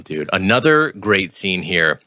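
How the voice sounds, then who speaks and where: A man with a lowish but bright, forceful voice chats as a podcast co-host. He talks loosely and swears casually. The recording is dry and close. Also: sing-song, unhurried, dry recording.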